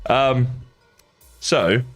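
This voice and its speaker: A man's voice: medium pitch, extremely slow, faint music behind. An English man with a slight Australian tinge, chatting casually and rambling to viewers while he plays a game on a livestream. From England.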